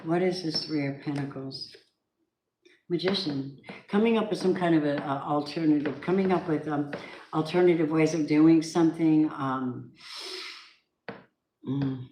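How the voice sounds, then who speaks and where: A woman's voice: low voice, unhurried, pauses often, mellow. A woman giving a casual tarot reading, chatty and emphatic, with spiritual asides. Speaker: tarot reader. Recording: echoey room, faint background noise.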